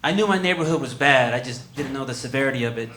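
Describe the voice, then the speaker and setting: A young man doing stand-up with laid-back storytelling and deadpan punchlines, on a comedy club stage through a handheld mic. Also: mid-range voice, fast talker. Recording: roomy club with audience noise.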